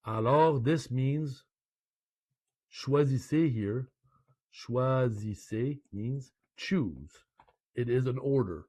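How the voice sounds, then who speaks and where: A man from Canada gives an online French lesson at a slow, unhurried pace. He is chatty and playful and keeps slipping French phrases into his English explanations. The recording is dry and close, with no room sound. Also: mid-range voice, a little mellow, no room sound. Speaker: French language teacher.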